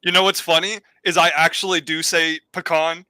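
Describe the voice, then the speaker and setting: A man from California talking in a relaxed live chat, his voice very bright and edged with tension. It sounds smooth and crisp, and he often restarts his sentences. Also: fairly high pitch, fairly quick, no echo. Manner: easygoing, hesitant restarts. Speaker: guest. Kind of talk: casual chat.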